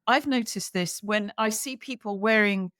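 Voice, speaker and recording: Woman, expressive storyteller, dry close recording. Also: mid-range voice, moderate pace, no echo. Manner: animated storyteller, acts out quoted dialogue. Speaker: yoga therapist. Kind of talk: casual conversation.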